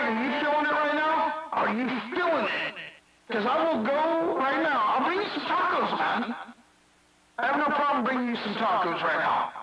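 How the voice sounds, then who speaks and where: A man mocking and taunting another operator in CB radio banter, repeating his jabs. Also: very high voice. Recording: far-off echoey noisy CB radio.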